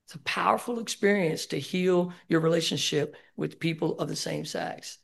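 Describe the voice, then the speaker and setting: A man's voice: fairly high pitch, normal speed, creaky, hardly any pauses, a bit bright. A middle-aged man giving a candid, emotional personal share at a recovery meeting, swearing casually. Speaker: speaker sharing at a recovery meeting. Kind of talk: personal share at a support group. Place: meeting room.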